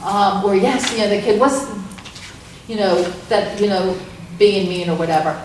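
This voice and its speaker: A woman's voice: mid-range voice, steady tone, normal speed, a little hiss or hum. A woman leading a parent information night, talking earnestly and rambling with restarts. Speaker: program leader. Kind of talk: presentation to parents. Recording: echoey room from far off.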